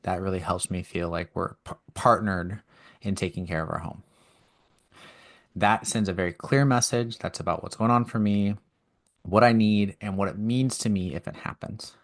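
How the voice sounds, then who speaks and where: A man co-hosting a podcast, calmly explaining and reflecting with everyday examples in casual conversation. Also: low voice, normal speed. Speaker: podcast co-host. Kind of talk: casual chat.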